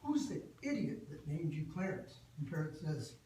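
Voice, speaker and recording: A man's voice: a little high, normal speed, a little hiss or hum, voice pushed up. A man tells a joke to a meeting, voicing the characters as he goes. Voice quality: animated storyteller, voices the characters. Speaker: club member telling a joke. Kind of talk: told joke with acted voices. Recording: echoey room from far off with clatter.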